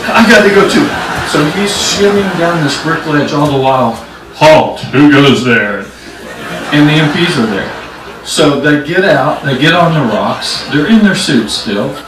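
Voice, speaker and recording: A man doing stand-up, telling a story and acting out the characters' shouts. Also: mid-range voice, very echoey, distant mic, noisy background. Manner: animated, acts out characters' shouts. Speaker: stand-up comedian. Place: live comedy venue.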